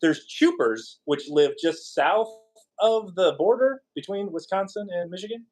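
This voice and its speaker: Male streamer, somewhat high voice, loose and rambling, jokes with his chat. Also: lively intonation, unhurried, a little mellow. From California. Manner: rambling and jokey, reacting to chat. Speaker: podcast host. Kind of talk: casual live-stream chat.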